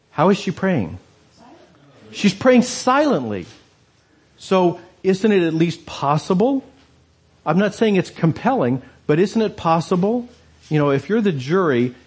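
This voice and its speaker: A man's voice: medium pitch, a little mellow, husky. A man preaching a conversational sermon, asking his listeners many rhetorical questions.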